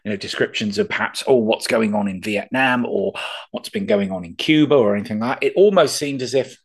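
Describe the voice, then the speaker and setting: A man with a husky, slightly raspy voice talks about old television in a loose, joking way. He often pauses and restarts with ums as he works out what to say. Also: lowish voice. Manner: jokey asides, hesitant with many ums. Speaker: podcast co-host. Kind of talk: casual chat about old TV.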